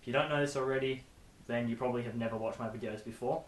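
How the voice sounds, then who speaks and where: A man's voice: medium pitch, steady tone, fast talker. A young man vlogging casually from his bedroom, chatty and rambling with self-deprecating asides. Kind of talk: casual chat to camera. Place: bedroom with posters. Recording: echoey room with faint hiss.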